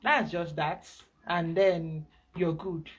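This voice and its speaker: A woman with a Nigerian accent, a spiritual guide giving an emphatic, animated teaching talk. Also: on the low side, takes it slowly, a little hiss or hum.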